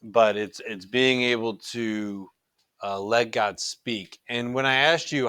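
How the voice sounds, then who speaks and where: A man's voice: mid-range voice, steady tone, unhurried, a bit bright, clear, resonant tone, no room sound. A middle-aged man teaching a recorded religion class in an earnest, conversational way, often restarting his sentences.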